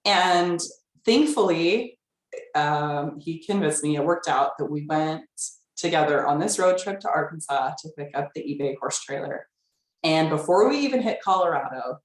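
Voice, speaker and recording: Low-voiced woman coach, echoey room. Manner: candid storytelling with fillers. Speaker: family life coach. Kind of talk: relationship workshop talk.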